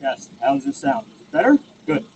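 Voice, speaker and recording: A man's voice: medium pitch, very animated, fairly quick, muffled recording, very noisy. A man from Texas with a Texan accent, giving a folksy, joking storytelling speech on stage at a rally. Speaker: rally speaker.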